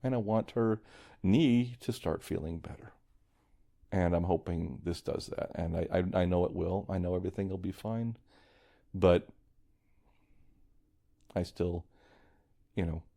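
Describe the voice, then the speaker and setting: Male podcast host, low gravelly voice, warm mellow tone, rambling reflective monologue. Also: a little slow, long pauses. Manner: reflective, meandering, restarts often; quietly worried. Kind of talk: casual solo podcast monologue.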